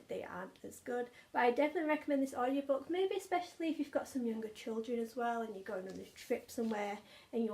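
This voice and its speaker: Gushing young woman, slightly high voice. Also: darkish tone. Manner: gushing, enthusiastic, repeats words for emphasis. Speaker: book vlogger. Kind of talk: casual chat.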